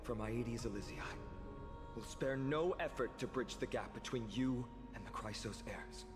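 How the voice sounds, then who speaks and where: Game casting: a man doing an earnest noble young warrior, formal and sincere, mid pitch, long reverb behind. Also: normal speed, over music, natural voice. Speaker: game character. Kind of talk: game voice acting.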